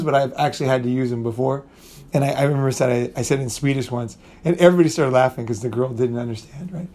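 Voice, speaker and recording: A man's voice: medium pitch, darkish tone. A middle-aged man telling a rambling, profane story in casual talk, often restarting sentences and acting out what people said. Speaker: channel host.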